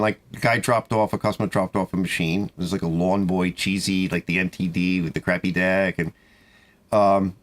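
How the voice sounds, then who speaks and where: Animated, exasperated garage mechanic man. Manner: rambling, exasperated storytelling with animated pitch swings. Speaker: small-engine repair shop owner. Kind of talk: casual monologue to camera. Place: his garage workshop.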